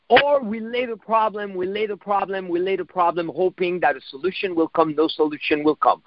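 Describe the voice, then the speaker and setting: A man with a high voice gives a reflective motivational talk, coaching his listeners. He repeats phrases and swears now and then. The recording is dry and a little dull. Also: brisk, hardly any pauses, no room sound. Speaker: self-help speaker.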